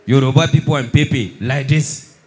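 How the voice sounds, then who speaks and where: A young Nigerian man doing stand-up comedy, mixing Pidgin and English and shouting his punchlines. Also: medium pitch, steady tone, moderate pace.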